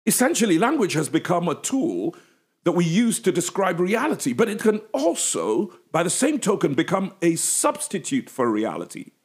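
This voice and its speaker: Male pastor, from England; animated, emphatic teaching talk with a lively, slightly high voice. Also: normal speed, slightly rough. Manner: animated, emphatic storytelling with playful asides. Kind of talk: podcast-style teaching talk.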